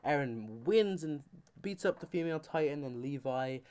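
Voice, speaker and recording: A man's voice: fairly high pitch, animated, moderate pace, a little mellow. A man giving a comedic anime commentary, rambling and joking with goofy asides. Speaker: YouTuber.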